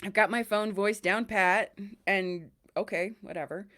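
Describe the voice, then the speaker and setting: A young woman hosts a casual podcast chat. She tells stories in a lively way and slips into the voices of the people she quotes, with a middle-pitched, everyday tone. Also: measured pace. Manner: animated, acts out quoted voices. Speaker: podcast host.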